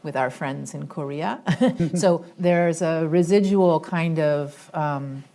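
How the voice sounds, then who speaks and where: Low-voiced woman, measured and diplomatic. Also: mellow. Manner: measured and diplomatic, choosing words carefully. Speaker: panelist. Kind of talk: panel discussion remarks.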